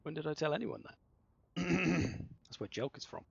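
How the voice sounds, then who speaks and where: Male streamer, wry and chatty, gravelly voice, lo-fi home mic with faint music. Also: on the high side, very animated, normal speed, no echo. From southern England. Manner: joking, chatty, self-mocking. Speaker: streamer hosting a game tournament. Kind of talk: casual livestream chat.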